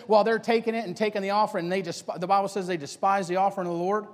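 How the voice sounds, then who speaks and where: A man's voice: high voice, steady tone, rapid-fire, hardly any pauses. A male preacher delivering a sermon to young people in a church, emphatic and colloquial, firing off rhetorical questions. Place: church sanctuary. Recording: long church hall reverb.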